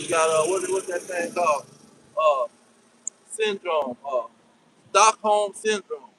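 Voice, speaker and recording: A man with a notably high voice delivers a fiery scripture teaching. He drags out the verses he reads, then hammers his points with short, repeated commands, and a faint noise sits underneath. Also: fairly bright tone, poor audio. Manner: emphatic, repetitive commands, slows down for verses. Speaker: preacher.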